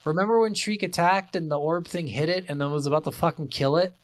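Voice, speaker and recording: A man co-hosting a casual game review podcast, animated, swearing freely and acting out his reactions. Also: on the high side, quick pace, no room sound, clean studio sound. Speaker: podcast co-host.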